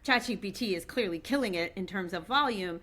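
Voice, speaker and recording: A woman guest on a podcast, chatting casually and telling lively stories with frequent laughter. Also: medium pitch, brisk. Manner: lively storyteller, laughs often. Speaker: guest, AI executive.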